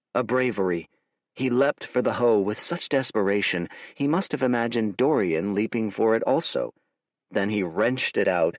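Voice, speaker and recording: A man narrating an audiobook in a wry, animated storytelling manner, recorded close to the mic. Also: lowish voice, no room sound. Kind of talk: scripted narration.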